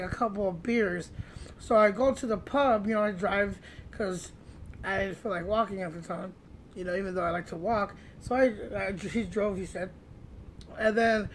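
A man's voice: sits high, fairly bright tone, a little hiss or hum. A man telling a comic anecdote in a rambling way, with many restarts and fillers. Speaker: storyteller.

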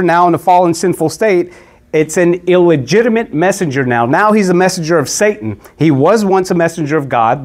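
Speaking in a voice a little higher than usual, a man teaches from the Bible in a relaxed, conversational way. He stumbles and repeats words, often breaking off his lines and starting over.

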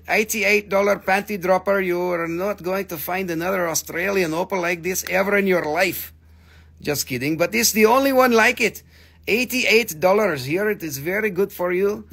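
A man hosts a live stream selling gemstones, delivering a casual sales pitch into his phone while joking and cursing in loose, broken grammar. His voice sits high and is creaky and a bit bright.

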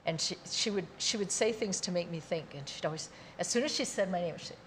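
A woman's voice: on the low side, fast talker, a little hiss or hum. A woman co-hosting a casual chat, reflective and close to tears as she speaks. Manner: reflective, grows emotional telling a story. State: tearful. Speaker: co-host.

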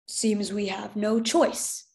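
A woman reading aloud, voicing a steady father who speaks in a firm, measured way. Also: medium pitch, creaky. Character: steady, firm father defending his family.

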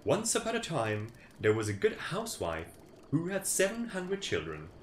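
A man's voice: a little high, huge pitch swings, moderate pace, slight background noise. A young man reading a folk tale aloud on a stream, with playful, sarcastic asides. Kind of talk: casual storytime read-aloud with joking asides. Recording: roomy echo with faint ambience.

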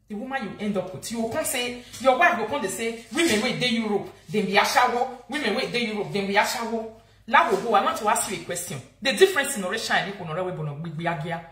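A woman's voice: fairly high pitch, a bit bright, roomy sound. Angry Nigerian woman ranting. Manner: angry, insulting, repetitive scolding. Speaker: social media vlogger. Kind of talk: heated live-video rant.

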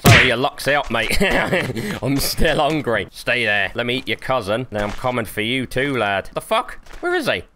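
A man's voice: medium pitch, normal speed, pushed and bright, a little hiss or hum. A young man giving sweary, joking let's play commentary and talking back to the game as he plays. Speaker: gamer.

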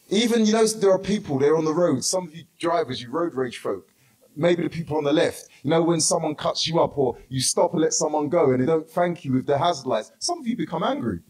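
High-voiced London pastor preaching. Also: male voice, low-quality recording. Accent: London English. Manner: storytelling, punctuated with "hallelujah"; emphatic repetition, sometimes shouting. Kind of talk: sermon. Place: church hall.

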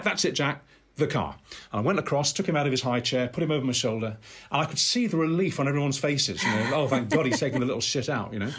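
Older male guest, raspy, rapid, very expressive storyteller with halting restarts. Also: medium pitch. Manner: animated, halting restarts, acts out voices. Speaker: podcast guest. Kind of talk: anecdotal storytelling.

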